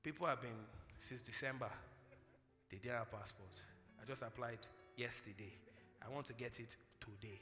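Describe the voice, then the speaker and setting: A young Nigerian man preaching a sermon at a conference, telling stories and acting out dialogue, rising to shouted preaching. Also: mid-range voice, normal speed, pauses often, long reverb tail, soft background music. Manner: storytelling, acts out dialogue, builds to shouted preaching. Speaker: pastor. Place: large hall, live conference.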